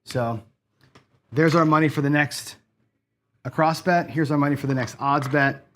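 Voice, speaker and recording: With a fairly high, fairly bright voice at a moderate pace, a man livestreams online craps as the game host, chatting casually with viewers. Losing makes him frustrated and he swears, and there's slight background noise.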